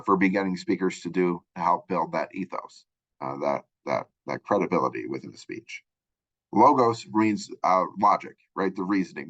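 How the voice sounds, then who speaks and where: Low-voiced man giving a rambling lecture. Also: fairly bright tone, dull audio. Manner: rambling, filler-heavy explaining. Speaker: college instructor. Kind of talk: recorded lecture.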